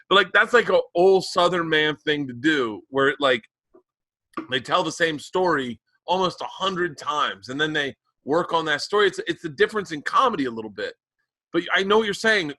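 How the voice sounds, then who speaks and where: A man's voice: a little high, lively intonation, normal speed, pushed and bright, dry recording. A man who grew up in the American South, rambling through profane stories in a casual podcast chat. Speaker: podcast co-host.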